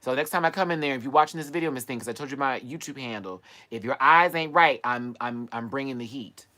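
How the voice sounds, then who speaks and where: A man in the middle of his range chats to his live viewers and launches into stories. He talks with sass and animation, full of playful slang. The delivery stays casual and lively throughout. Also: medium pitch, fast. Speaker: livestream host. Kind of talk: casual livestream chat and storytelling. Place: at home, live stream.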